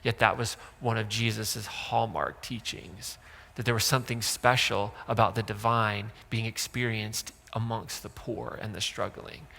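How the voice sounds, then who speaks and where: Gravelly, bright-voiced man preaching in church. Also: mid-range voice, long reverb tail. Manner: casual and joking, with asides to the congregation. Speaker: pastor. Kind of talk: sermon. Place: church sanctuary.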